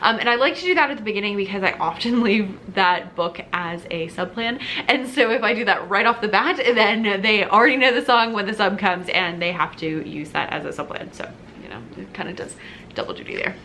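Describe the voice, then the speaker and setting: A woman's voice: mid-range voice, fairly quick, bright, forceful tone, slight background noise. A woman who teaches elementary music, chatting casually to camera with an upbeat manner and many fillers.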